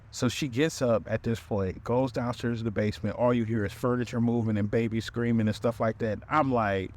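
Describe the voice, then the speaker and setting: A male podcast host telling a comedic dating story in an animated way, talking right to his listeners. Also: medium pitch, normal speed, few pauses.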